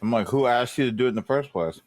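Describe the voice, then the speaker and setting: A man's voice: mid-range voice, fast talker, faint music behind. A man co-hosting a casual tech podcast, speaking bluntly with curses between murmured agreements. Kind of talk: casual chat.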